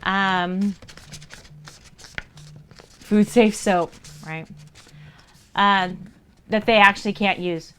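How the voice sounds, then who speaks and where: A woman's voice: mid-range voice, fairly even intonation, extremely slow, long pauses, fairly bright tone, clear, resonant tone. A young woman streamer casually chatting with her viewers, playful and chatty. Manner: chatty, playful, answers chat. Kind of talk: casual livestream chat.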